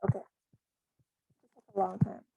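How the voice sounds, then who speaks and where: Halting woman walking through a coding tutorial. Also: phone-quality sound, a little hiss or hum. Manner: hesitant, halting, with frequent restarts and pauses. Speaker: software tutorial presenter. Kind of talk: casual screen-recorded coding walkthrough.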